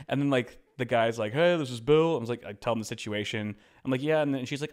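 A young man sits at the podcast mic and tells a travel story in a loose, chatty way. His pitch sits in the middle for a man. He keeps it lively by dropping into quick imitations of the people in the story. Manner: animated, acts out quoted voices. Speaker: podcast co-host. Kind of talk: casual storytelling.

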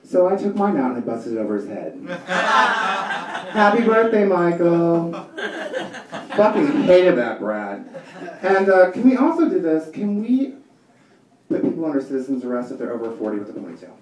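A man's voice: a little high, sing-song, brisk, a crowd in the background. A man in his thirties doing a stand-up comedy set, ranting in an exasperated, profane way. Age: 30s. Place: comedy club stage before a live audience. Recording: echoey room, distant mic, loud audience laughter.

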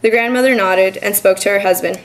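A young woman student reading her own short story aloud at a college reading, in an even, measured manner. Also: mid-range voice, low-quality recording. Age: young adult. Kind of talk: literary reading.

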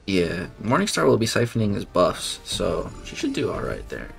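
Man, deep voice, gravelly fry, laid-back gaming stream chat, game music in the background. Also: huge pitch swings, normal speed. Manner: laid-back, chuckling, swears casually. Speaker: streamer playing a mobile game. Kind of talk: casual live-stream chat.

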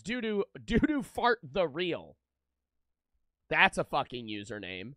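A man's voice: on the high side, huge pitch swings, takes it slowly, long pauses, pushed and bright, no room sound. A man live-streaming a video game, chatting casually with viewers and swearing freely as he rambles. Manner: profane, rambling, talks to chat.

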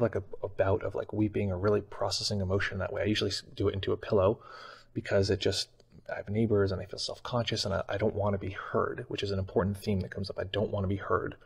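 A man's voice: fairly low pitch, gravelly, slightly rough. A man telling a personal story in a casual, rambling way, with many fillers. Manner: casual and rambling, heavy use of "like". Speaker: meditation channel host.

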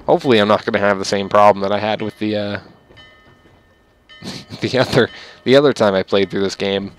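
A man's voice: on the low side, fairly even intonation, a little fast, soft background music. A young man giving rambling, casual gameplay commentary, swearing at enemies with mock-angry outbursts. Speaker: gamer.

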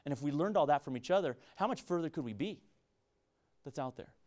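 A man's voice: a little high, animated, a little fast, mellow. A middle-aged man with a San Luis Valley Colorado accent, giving an earnest public lecture to students, often repeating himself and restarting phrases. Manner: earnest, repetitive, frequent restarts. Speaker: university business professor.

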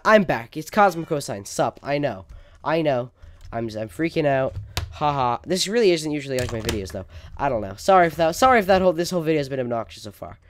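A gaming video host with a voice on the high side provides casual gameplay commentary, melodramatic and prone to overreacting, stammering and sometimes leaning away from his desk mic. The recording is dry.

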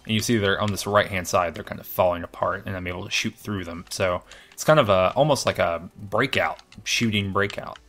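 Brisk and low-voiced, a man provides commentary on his own video game run. He thinks aloud, gets excited, and cheerfully makes fun of how he's playing.

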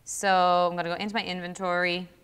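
A young Irish woman with a slightly low, smooth and clear voice talks through a classroom demo. She is chatty and thinks aloud, with plenty of ums as she works. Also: flat delivery, fast talker, a bit bright. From Ireland. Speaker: co-host teacher. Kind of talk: casual classroom demo while playing.

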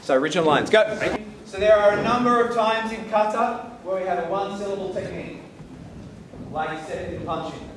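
Australian karate instructor in an echoey hall. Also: male voice, high-pitched, normal speed. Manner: explains step by step, asks "hey?" for agreement, shouts counts. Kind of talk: teaching a workshop class. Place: large echoey training hall. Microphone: camera mic from a distance. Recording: echoey hall, far from the mic, room noise.

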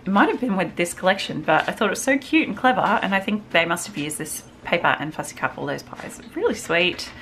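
A woman's voice: fairly low pitch, animated, fairly quick, few pauses, fairly bright tone, slight background noise. A woman craft vlogger chatting casually through a haul, gushing over each item with little exclamations. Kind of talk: casual show-and-tell haul.

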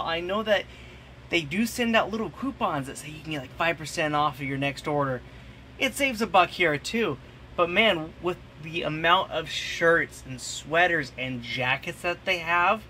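A man hosts a casual gear review vlog in a bright, slightly high voice. He rambles and cracks self-mocking jokes as he goes. Faint ambient noise sits behind him. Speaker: channel host.

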